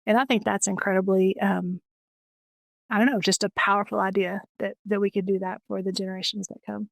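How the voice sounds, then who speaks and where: A woman's voice: mid-range voice, flat delivery, brisk, vocal fry, no echo. A woman in her forties tells personal stories as a guest on an interview show. She is earnest and eager, often stops to restart a thought, and her mid-range voice has a close, dry sound. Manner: earnest and enthusiastic, with many restarts. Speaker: interview guest, financial educator.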